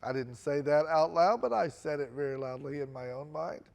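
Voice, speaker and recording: Self-mocking middle-aged pastor, higher voice. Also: male voice, moderate pace, vocal fry, a little mellow. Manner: self-deprecating, conversational, acts out dialogue. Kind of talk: storytelling sermon. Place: church auditorium.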